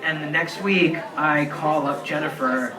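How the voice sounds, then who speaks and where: A man's voice: on the high side, a little slow, recorded from a distance. A young man in his twenties telling a rambling, earnest story with lots of "like" fillers at a live show in a bar. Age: 20s. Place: crowded bar. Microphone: distant handheld camera. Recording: roomy bar recording from afar, crowd chatter.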